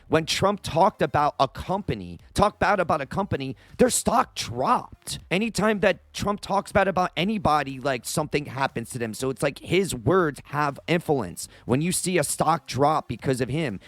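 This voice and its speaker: A man's voice: on the high side, dry recording. A young man giving casual, exasperated opinion commentary as a channel host, rambling and leaning hard on filler words. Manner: exasperated, rambling, heavy use of "like".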